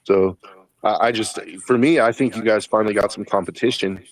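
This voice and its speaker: A man co-hosting a sports talk show, weighing his points in a measured, analytical way. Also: on the low side, steady tone, low-quality recording. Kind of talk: casual sports debate.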